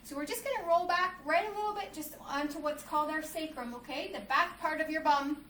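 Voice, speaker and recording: A young woman reads a picture book aloud and guides children through yoga poses, calling them friends and cheering them on. Her voice sits high. She is heard from across an echoey room with faint background hum. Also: brisk. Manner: encouraging, addresses kids as friends, acts out the story's shouts. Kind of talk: reading a storybook aloud while leading kids' yoga. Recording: echoey room from some distance.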